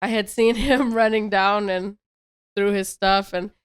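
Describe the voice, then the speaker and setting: A woman's voice: mid-range voice, steady tone, unhurried, clean tone. A young adult woman telling a story in casual podcast chat, rambling and repeating herself.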